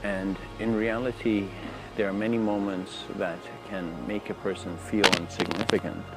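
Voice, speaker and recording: A man giving a casual spoken lecture outdoors near train tracks, telling stories in a relaxed, rambling way. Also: on the low side, normal speed, music in the background, low-quality recording. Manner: relaxed, rambling, many fillers. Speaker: spiritual lecturer.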